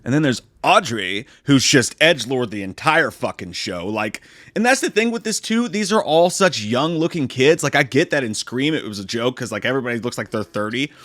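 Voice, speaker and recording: A movie reviewer rants through a TV series review in a comedic, profane way, exasperated, sarcastic and swearing constantly. His medium-pitched voice has a fairly bright tone, and the recording is dry and studio quality.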